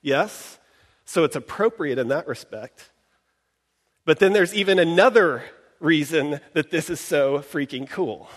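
A man giving a sermon in an animated, conversational way, often putting rhetorical questions to his congregation. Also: fairly high pitch, unhurried, big-room sound. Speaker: preacher.

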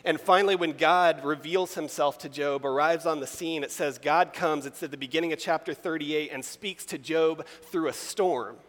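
A man preaching a sermon, reading scripture aloud with rising emphasis and speaking in an animated, conversational way. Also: on the high side, moderate pace, hardly any pauses. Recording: long reverb of a large hall.

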